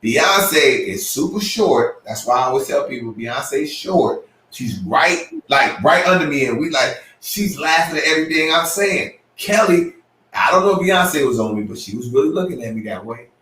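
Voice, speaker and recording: A man co-hosting a podcast, telling a story with lively acted-out quotes and sudden jumps in pitch. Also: normal speed, far from the mic. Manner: excitable, acts out quotes with big pitch jumps. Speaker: podcast co-host. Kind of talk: animated storytelling. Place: room at a live podcast show. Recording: roomy, from off the mic.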